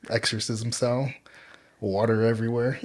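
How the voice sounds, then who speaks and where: Husky-voiced man co-hosting a podcast. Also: medium pitch, moderate pace. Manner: animated storyteller, jokey, repeats himself. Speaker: podcast co-host. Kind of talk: casual chat.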